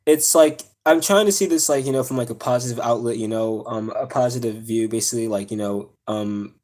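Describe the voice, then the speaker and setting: A man's voice: mid-range voice, brisk, darkish tone. A young man on a live stream telling a personal story, upset and close to tears, rambling with many fillers and restarts. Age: young adult. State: near tears.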